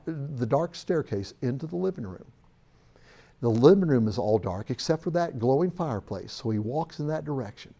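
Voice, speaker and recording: A man's voice: a little high, vocal fry, mellow. A man giving a recorded sales training lecture, storytelling in an emphatic way.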